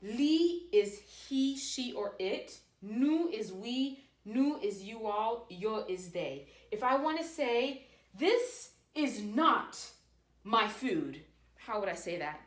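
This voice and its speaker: A woman giving a casual language lesson, modeling phrases slowly and carefully. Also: fairly high pitch, animated. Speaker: language teacher. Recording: echoey room.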